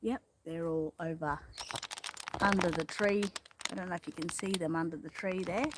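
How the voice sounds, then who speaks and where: A woman with an Australian accent chatting casually outdoors on a live stream, greeting viewers by name in a relaxed way and dropping in the odd mild swear word. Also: on the low side, moderate pace, background noise. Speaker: livestream host. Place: outdoors in a backyard. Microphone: phone propped on a ladder a little way off.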